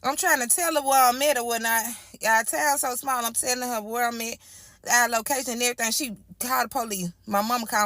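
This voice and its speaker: Young woman, emotional storytime, bright voice, dry close sound. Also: a little high, fairly even intonation, fast talker, no room sound. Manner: emotional, retelling a traumatic night with quoted voices. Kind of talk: storytime vlog.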